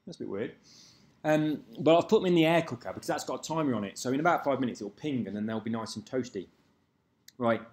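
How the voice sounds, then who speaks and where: A man's voice: medium pitch, animated, fast talker, darkish tone, reverberant. A man chatting casually and rambling on, cursing now and then, at home. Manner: rambling, loose, swears casually. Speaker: video commentator. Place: at home, moving away from the mic.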